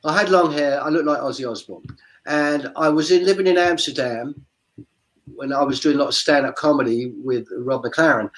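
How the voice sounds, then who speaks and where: A man's voice: a little high, normal speed, a bit bright, rough recording. Chatty man telling rambling stories. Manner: chatty, digressive storyteller. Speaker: street performer guest. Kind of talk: casual video-call interview. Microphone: video call.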